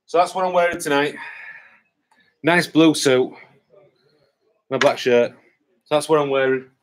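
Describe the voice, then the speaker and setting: A slight hiss or hum sits under this English vlogger's voice, which is on the high side and measured in pace. He chats casually on his live stream, reading out viewer comments and rambling with lots of fillers.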